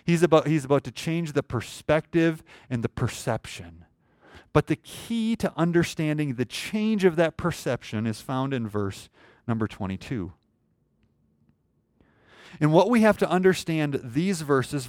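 A male pastor preaching a sermon, asking the congregation questions and swinging between loud and soft. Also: on the high side, dry recording, studio quality.

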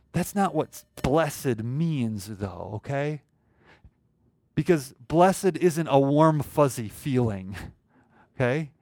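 A male pastor preaching a sermon, asking the congregation questions and swinging between loud and soft. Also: mid-range voice, no room sound, studio quality.

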